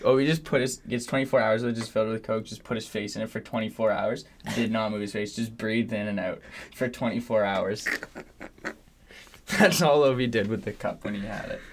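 A man's voice: lowish voice, fairly even intonation, normal speed, a little hiss or hum. A young man from Canada co-hosting a podcast in casual chat, laid-back, with lots of fillers and swearing. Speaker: podcast co-host.

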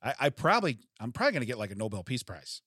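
Giggly man with a lively voice. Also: mid-range voice, very fast, husky, no room sound, clean studio sound. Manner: laughs often, reads out trivia facts. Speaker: podcast co-host. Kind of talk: casual comedic banter.

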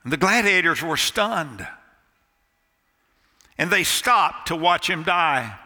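A male pastor tells a sermon story in a church sanctuary, his high, very bright, forceful voice echoing into a long hall reverb. His intonation is lively, yet he moves slowly and deliberately, pausing dramatically and dropping almost to a hush for emphasis.

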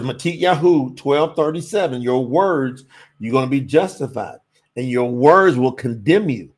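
Slightly high-voiced male livestream host, animated and emphatic, talks to chat as y'all. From USA. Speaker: livestream host teaching Hebrew scripture. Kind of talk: casual livestream teaching with chat.

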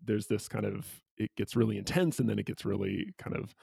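A man co-hosting a casual book discussion, retelling a picture book and slipping into quick quoted voices. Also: fairly low pitch, animated, gravelly, dark tone, breathy edge, no room sound. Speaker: co-host.

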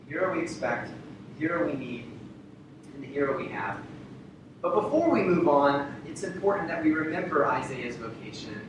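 A man preaching a sermon with a slightly raised voice, heard from a distance in a very reverberant church sanctuary. He drives his points home by repeating key phrases and asking the congregation rhetorical questions. A low rumble of background noise sits under the recording. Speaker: pastor. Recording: very echoey hall, distant mic, rumble.

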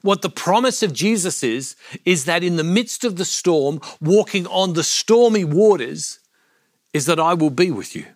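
A man's voice: sits high, expressive, normal speed, no echo, clean studio sound. A man preaching a reflection on a Gospel passage, earnest, asking his listeners questions as he goes. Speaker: Catholic speaker.

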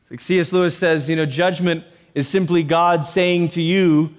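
A man preaching a sermon, animated, with joking asides and voices put on for quotes. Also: on the high side, normal speed. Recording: long reverb.

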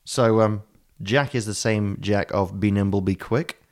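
A man's voice: on the low side, steady tone, measured pace, a little mellow. A man co-hosting a podcast, telling folklore in a rambling, improvised, swearing comic style. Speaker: podcast co-host. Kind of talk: casual comedic chat.

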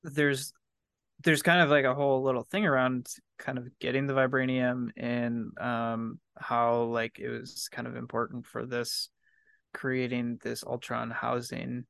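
A man's voice: medium pitch, flat delivery, unhurried, vocal fry, a bit bright, smooth, no room sound. A man chatting casually as a podcast guest, rambling and laughing often. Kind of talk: casual chat.

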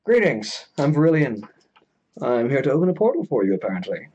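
A man's voice: medium pitch, big pitch swings, brisk, a little mellow, muffled recording, a little hiss or hum, lightly acted. A man voicing a courteous male elf mage in a tabletop game.

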